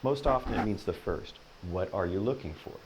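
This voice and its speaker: A man teaching a Spanish lesson, patiently explaining and repeating each example sentence slowly and encouragingly. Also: lowish voice, animated, slight background noise, rough recording.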